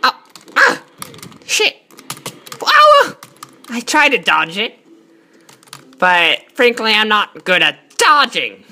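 A woman giving excitable, profane let's-play commentary, yelling at enemies and bantering in character as a god persona. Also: medium pitch, slow, pauses often. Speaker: gaming channel host.

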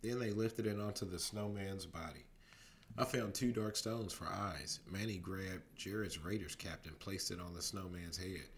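A man reading a storybook aloud as a bedtime story, steady narration broken by lively voices for the characters. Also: sits low, moderate pace, a little hiss or hum.

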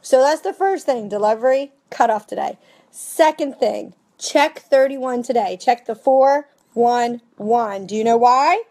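Chatty and casual, an upbeat director of a direct sales team walks her team through tips. She's in her thirties, has a high, mellow voice, and is at home with family around, tacking quick "okay?" and "right?" onto her points.

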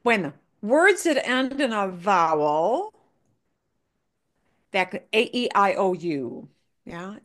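A woman teaching Spanish at an unhurried pace, switching between English explanations and Spanish examples. She drills words by saying them again and again, patient and steady. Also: mid-range voice. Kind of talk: online language class.

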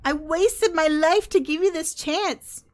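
A woman's voice: sits high, animated, brisk. A woman voicing a fiery teenage girl who accuses her father in exasperated outbursts. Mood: accusing. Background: game soundtrack music.

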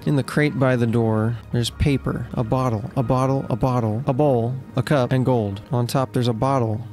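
A man's voice: mid-range voice, fairly even intonation, moderate pace, a little mellow, faint music behind. A man giving comedic gameplay commentary in a mock-officious, indignant inspector tone with exasperated outbursts. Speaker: gaming video host.

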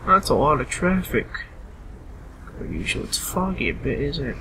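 A tired man narrating his gameplay in a loose, chatty way, ordering the game characters around as he goes. His voice sits a little high for a man and sounds bright and sharp. A faint hiss runs underneath. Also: big pitch swings, moderate pace. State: tired, yawning. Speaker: gameplay commentator. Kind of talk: casual gameplay commentary.

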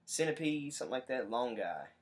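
A male teacher reading a picture book aloud to children, animated, explaining and pointing out the pictures. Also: mid-range voice, brisk.

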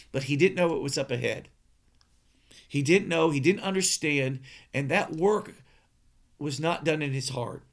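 Gravelly, earnest preacher man. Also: a little high, expressive, normal speed. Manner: earnest, emphatic, repeats words as he thinks. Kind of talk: sermon.

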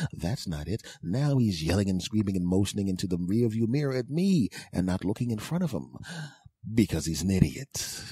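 A man's voice: low-pitched, warm tone, slightly rough, no room sound, clean studio sound. A middle-aged man hosting a podcast, telling a comic story in an exasperated, sarcastic rant and repeating phrases for emphasis. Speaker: podcast host.

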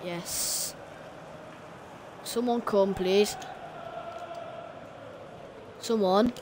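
A woman reacting excitedly to a football game she is playing, talking straight at the screen. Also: mid-range voice, very slow, noisy background. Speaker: gamer. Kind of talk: live gameplay commentary.

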